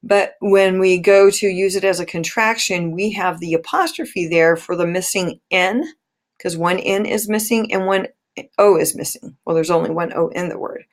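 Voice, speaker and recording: A woman teacher giving a recorded grammar lesson, speaking deliberately and stressing each pause. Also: lowish voice.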